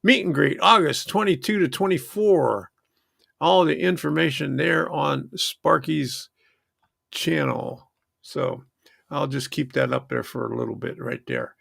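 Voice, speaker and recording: A man's voice: on the high side, a little slow, gravelly, fairly bright tone, breathy edge, no room sound, studio quality. A man hosting a model train channel, chatting casually in a rambling, self-interrupting way. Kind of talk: casual livestream chat.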